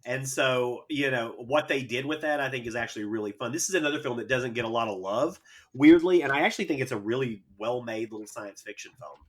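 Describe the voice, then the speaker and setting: A man's voice: medium pitch, fairly quick. A man who is a guest on a podcast, talking about films in an eager, earnest way. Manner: eager, earnest movie fan. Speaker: podcast guest arguing as defense. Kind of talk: casual podcast chat.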